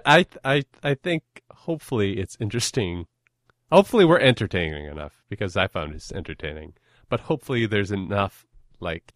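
A man's voice: deep voice, fairly bright tone, no room sound, studio quality. A young man hosting a podcast in casual, self-deprecating chat, rambling and often laughing. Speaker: podcast host.

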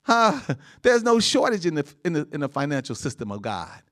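Man, pastor, sermon, fairly high voice, laughing, loud bursts and soft asides. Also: big pitch swings, brisk. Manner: laughs often between lines, asks the congregation for amens.

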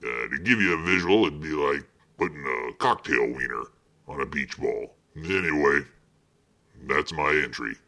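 Crude, boastful voicemail bit: a very deep, bright-edged mock-sexy voice. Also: male voice, moderate pace, full character voice. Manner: crude, mock-seductive bragging. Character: boastful deep-voiced man mocking a podcast cohost. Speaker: voicemail caller.

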